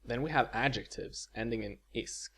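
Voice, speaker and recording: A man giving a video lecture as a language teacher, explaining slowly and measuredly, with spoken example words. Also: mid-range voice, pushed and bright, slight background noise.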